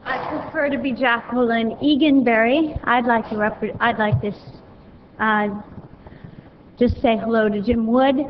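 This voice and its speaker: A woman's voice: fairly high pitch, steady tone, a little slow, a little hiss or hum. A woman speaking at a city council meeting, indignant and emphatic, into a podium microphone. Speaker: public commenter, mother. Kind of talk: public comment at a council meeting. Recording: echoey hall, dull broadcast sound.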